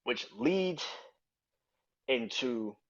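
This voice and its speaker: A man hosting a casual solo podcast, talking in a loose, profane, excited way and laughing often. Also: medium pitch, very slow, dull audio. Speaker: podcast host.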